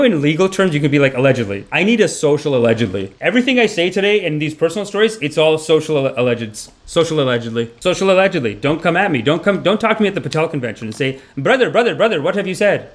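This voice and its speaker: Give me a rambling man in a mock-spiritual comedy monologue, with a lively swooping voice. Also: a little high, fast talker, few pauses. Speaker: comedian playing a spiritual guru.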